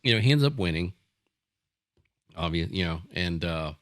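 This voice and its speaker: Man, very low pitch, dry close mic, chatty, rambling, casual storytelling. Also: animated, moderate pace, no room sound.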